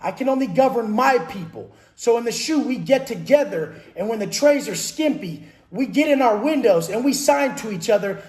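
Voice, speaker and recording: A man's voice: very high voice, animated, normal speed, hardly any pauses, a little mellow. A man, a fitness and mindset coach, talking bluntly and profanely about life in prison, with hard emphatic delivery. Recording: roomy echo.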